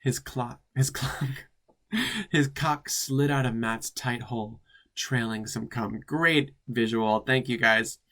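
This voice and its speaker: A man's voice: medium pitch, slow, pushed and bright. Campy drag queen reading with sassy asides. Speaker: drag queen host reading fan fiction. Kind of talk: comedic reading with commentary.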